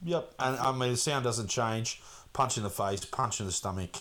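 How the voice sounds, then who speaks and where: A man's voice: medium pitch, moderate pace, fairly bright tone. A man co-hosting a podcast, chiming in with short, dry remarks about a film. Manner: dry, brief interjections. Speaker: podcast co-host. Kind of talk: casual film review chat.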